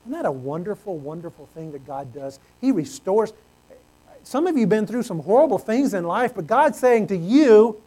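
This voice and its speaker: A man preaching a sermon, earnest, swinging from loud exclamations to hushed low tones. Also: very animated, normal speed, poor audio.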